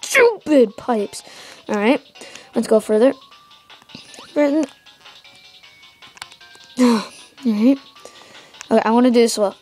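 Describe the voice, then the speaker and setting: Excitable teen girl rambling over a game. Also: on the high side, moderate pace, pauses often, faint music behind. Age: teenager. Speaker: let's play host. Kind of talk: gameplay commentary. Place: home.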